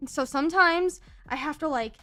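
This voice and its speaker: High-pitched girl vtuber chatting with chat while she draws, goofy and teasing, flips between fast and slow talk, soft music behind. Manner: playful, shifts between very fast and deliberately slow speech; teasing, mock-offended outbursts at chat. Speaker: VTuber streamer. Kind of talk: casual chat while drawing on stream. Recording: faint background music.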